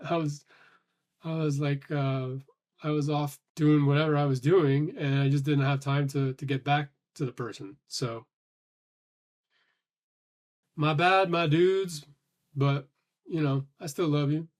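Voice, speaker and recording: A man's voice: a little high, fairly even intonation, a little slow, darkish tone. Rambling, short-of-breath man thinking aloud. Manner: rambling, frequent restarts, swearing. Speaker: vlogger. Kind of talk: casual thinking-aloud monologue.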